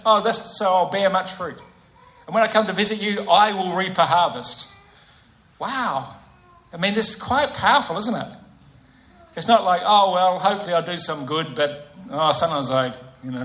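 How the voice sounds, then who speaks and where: A man preaching a conversational sermon in a church, often asking the congregation tag questions and acting out quoted voices. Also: on the high side. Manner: acts out quoted voices with soft asides.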